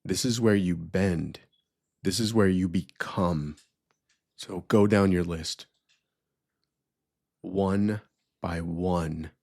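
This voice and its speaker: Deep gravelly man leading affirmations. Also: darkish tone, no room sound, studio quality. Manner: slow, deliberate, emphatic repetition. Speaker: podcast host. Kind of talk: guided affirmation ritual.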